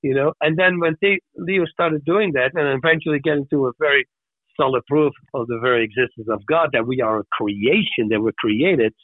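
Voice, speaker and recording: Male guest with an animated storytelling manner, tinny phone-like audio with no room sound. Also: medium pitch, brisk, no echo. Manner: animated storyteller who acts out voices. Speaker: podcast guest. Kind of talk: casual storytelling.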